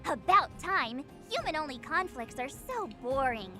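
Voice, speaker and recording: A chirpy young female companion teases in a very high voice. She speaks slowly with a bouncy, widely swinging pitch. It is video game voice acting. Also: sing-song, sharp tone, faint music behind, heavily acted. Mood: teasing. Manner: teasing, chirpy.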